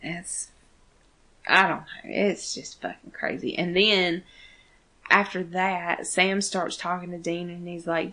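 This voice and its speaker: A woman's voice: lowish voice, steady tone, slow pace, pushed and bright. A woman co-hosting a casual fan podcast, talking animatedly, swearing freely and acting out characters' lines. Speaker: podcast co-host.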